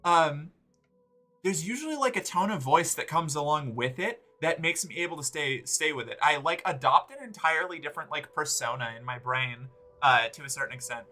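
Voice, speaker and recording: A man's voice: fairly high pitch, lively intonation, brisk, pushed and bright, faint music behind. A man in his forties chatting casually and profanely while streaming a game, rambling and cutting himself off mid-thought. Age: 40s. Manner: rambling, profane, self-interrupting. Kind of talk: casual live-stream chat while gaming.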